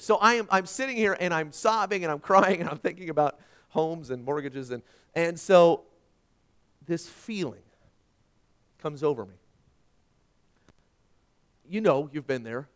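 A middle-aged man preaching a sermon, telling a personal story and swinging from hushed tones to loud emphasis. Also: on the high side, animated, brisk, clean tone. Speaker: pastor.

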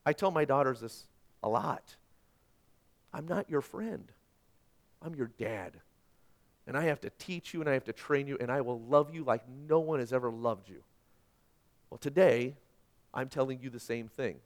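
Preaching a sermon, a middle-aged male pastor speaks in a mid-range voice, emphatic and repetitive as he moves between loud and quiet passages.

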